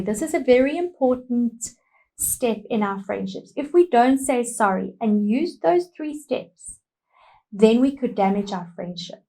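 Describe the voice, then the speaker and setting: Lively woman teaching children. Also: on the high side, low-quality recording. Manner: animated, emphatic, speaks simply to children. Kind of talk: classroom lesson for young children.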